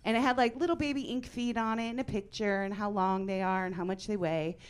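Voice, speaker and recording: A woman's voice: medium pitch, fairly even intonation, a little fast, clean tone. A woman in her forties doing stand-up comedy in a brassy, punchy, self-deprecating way. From Italian-American.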